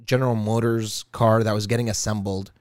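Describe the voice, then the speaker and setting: A man's voice: lowish voice, level tone, brisk, darkish tone, dry recording, studio quality. Easygoing man telling stories on a podcast. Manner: easygoing storyteller, hesitant with fillers. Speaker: podcast co-host. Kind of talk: casual chat.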